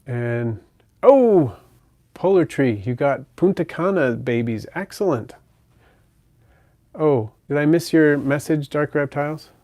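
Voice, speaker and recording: A man hosting a pet channel livestream, casually reading viewer comments in a relaxed, chatty way and softly cooing to his pet bird. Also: a little high, slow pace, pauses often, no room sound.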